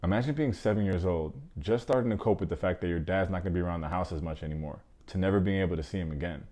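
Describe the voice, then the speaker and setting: Fast-talking deep-voiced man reviewing movies. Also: dark tone. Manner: casual, slangy, joking asides.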